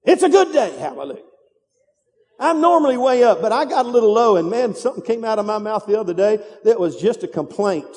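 A man's voice: sits high, expressive, fast, hardly any pauses, a little mellow. A male pastor preaching a sermon, urging his congregation to answer back and repeat after him. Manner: emphatic call-and-response preaching. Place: church sanctuary. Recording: long reverb of a large hall.

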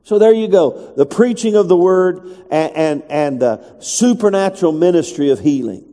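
A pastor with a high, warm, animated voice preaches at normal speed, reading scripture in a conversational way before rising to emphatic calls to his congregation. The church hall gives the recording a long reverb.

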